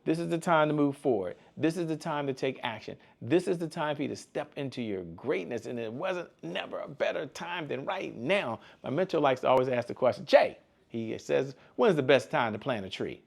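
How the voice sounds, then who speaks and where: A man hosting a motivational sales show, with a pitch that rises and falls a lot. He talks with high energy and drives his points home by repeating slogans like a preacher. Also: lively intonation, fairly quick, gravelly, few pauses. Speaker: host. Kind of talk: motivational business talk.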